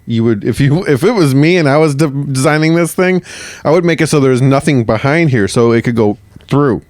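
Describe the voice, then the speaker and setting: A man co-hosting a casual history podcast, asking questions and joking in an animated way. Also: medium pitch, dry recording. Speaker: podcast co-host.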